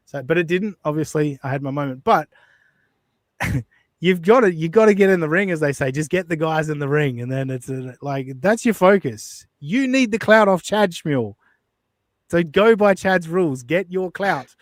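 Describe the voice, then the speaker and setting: A man hosting a casual commentary show, blunt and profane in his delivery. His voice sits a little high, and the sound is dry and close. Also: expressive, normal speed, no echo. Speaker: podcast host.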